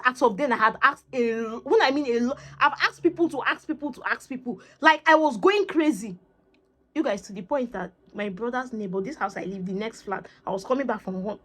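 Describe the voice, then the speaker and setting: A woman with a Nigerian accent vlogging, telling a personal story in a lively, chatty way and slipping into Pidgin phrases. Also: mid-range voice. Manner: animated, acts out conversations, mixes in Pidgin phrases. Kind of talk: casual storytelling to camera.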